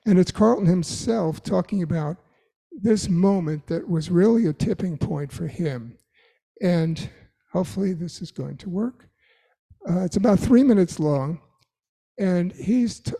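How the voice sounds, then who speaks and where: A man's voice: high-pitched, gravelly, warm tone. A man giving an earnest, emphatic sermon-style talk to a live audience, repeating phrases for weight. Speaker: speaker addressing a live audience.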